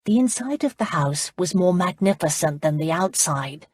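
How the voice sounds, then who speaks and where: A woman narrating an audiobook romance in a steady, even storytelling manner. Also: fairly low pitch, moderate pace, husky, no echo, clean studio sound.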